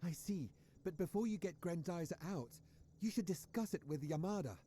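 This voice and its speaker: An actor voicing a calm game ally over crowd noise. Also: mid-range voice, normal speed, close to an everyday voice. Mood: advising. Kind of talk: game dialogue.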